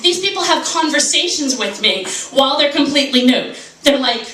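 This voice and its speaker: A woman's voice: sits high, expressive, normal speed, bright, forceful tone. A woman in her forties doing a stand-up comedy set, brash and swearing, with mock-outraged rants. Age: 40s. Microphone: handheld camera from the audience. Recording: roomy club sound from a distant camera. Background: audience laughter.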